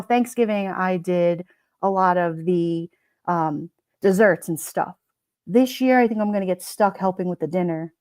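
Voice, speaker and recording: A woman's voice: on the low side, a little mellow, dry recording, clean studio sound. A woman with a Brooklyn accent hosting a casual live stream, chatting, reading out viewer comments and laughing often. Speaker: livestream host.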